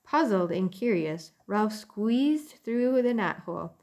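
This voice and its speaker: A woman reading a children's chapter book aloud with gentle, clear storytelling. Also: mid-range voice, animated, takes it slowly. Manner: gentle, clear storytelling; casual chatty sign-off. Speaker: storybook reader.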